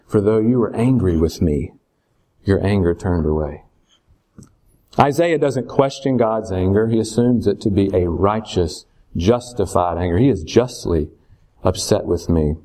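A man's voice: mid-range voice, a little mellow. A man teaching a Bible lesson in a conversational way, often checking in with rhetorical questions.

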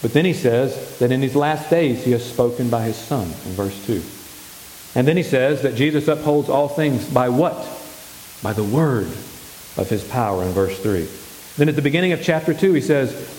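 A man's voice: mid-range voice, darkish tone. Man preaching in an echoey hall. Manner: asks the congregation questions and answers them himself. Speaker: pastor. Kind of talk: sermon. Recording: echoey hall with faint hiss.

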